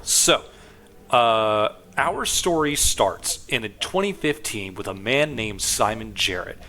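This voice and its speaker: A man's voice: on the low side, lively intonation, slow, pushed and bright, slight background noise. A young man, a streamer, casually recapping a game story in a rambling way with lots of fillers.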